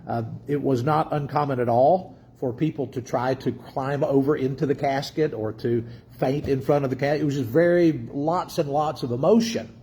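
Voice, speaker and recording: Pastor teaching in a mellow voice. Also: male voice, medium pitch, normal speed, few pauses, husky. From Dallas, Texas. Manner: conversational, with filler words and restarts, asks the congregation questions. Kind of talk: teaching sermon.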